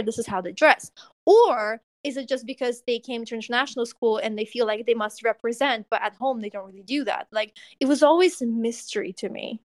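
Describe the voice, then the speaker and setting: Chatty young woman host, high voice. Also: no echo, clean studio sound. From Russia. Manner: chatty, animated storytelling with lots of "like". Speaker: podcast host. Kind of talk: casual chat.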